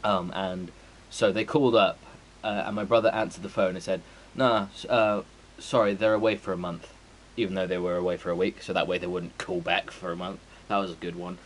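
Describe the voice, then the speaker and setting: A man's voice: low-pitched, flat delivery, quick pace, a little hiss or hum, poor audio. A man, streaming a game and chatting casually in a rambling, sweary way full of fillers. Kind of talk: casual chat before a stream.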